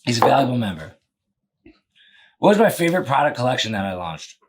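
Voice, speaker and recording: A man's voice: mid-range voice, sing-song, fast talker, husky. A young man hosting a casual podcast, rambling and joking, swearing freely. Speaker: podcast host and business owner.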